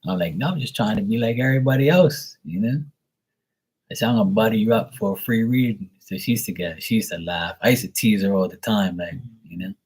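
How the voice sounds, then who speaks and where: A man's voice: low-pitched, a little fast, darkish tone, breathy edge. A man giving live tarot readings, talking bluntly and profanely in a casual monologue, acting out others in mocking voices.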